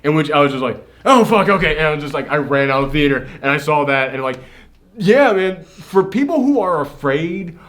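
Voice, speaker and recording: A young man co-hosting a casual movie review chat, excitable and swearing freely as he acts out quotes. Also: a little high, a little fast. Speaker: co-host of a movie review show.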